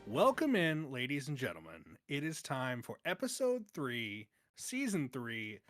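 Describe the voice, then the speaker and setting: A man's voice: medium pitch, huge pitch swings, unhurried, few pauses, a bit bright, no room sound, clean studio sound. A man hosting a movie podcast in casual, jokey chat, laughing often. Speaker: podcast host and judge.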